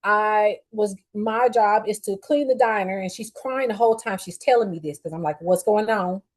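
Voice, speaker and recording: A middle-aged woman hosting a show, telling a story in a casual, blunt and profane way with lively swings in her voice. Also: medium pitch, normal speed, poor audio. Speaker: podcast host.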